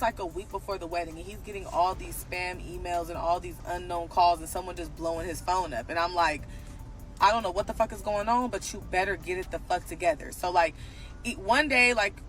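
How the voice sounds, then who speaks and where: A woman recounts a personal drama in a loose storytime monologue, her voice bright and forceful. She talks bluntly and swears freely, and a faint bed of music plays underneath. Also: lowish voice. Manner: blunt, profane, animated retelling.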